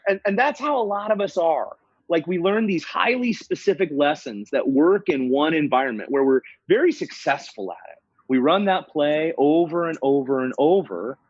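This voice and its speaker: A man with a husky, slightly breathy voice talks as a podcast guest, reflective and fond of telling stories. His sound is dry and a little dull, like a lo-fi recording. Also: fairly high pitch, no echo. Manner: reflective, storytelling, laughs often, frequent restarts. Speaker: podcast guest, former psychotherapist. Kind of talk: casual conversational interview.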